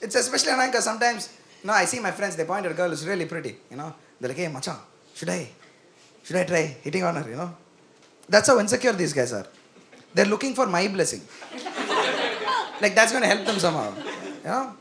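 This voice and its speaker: Animated young man doing stand-up. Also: high-pitched, quick pace, pauses often, slight background noise. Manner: animated, self-mocking, talks to the crowd. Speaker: stand-up comedian. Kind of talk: stand-up comedy set. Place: comedy venue with live audience.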